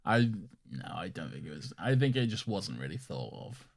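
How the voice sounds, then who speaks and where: A man's voice: low voice, big pitch swings, normal speed, gravelly. A man co-hosting a casual podcast, talking enthusiastically but hedging and restarting as he goes. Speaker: podcast co-host. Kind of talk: casual chat.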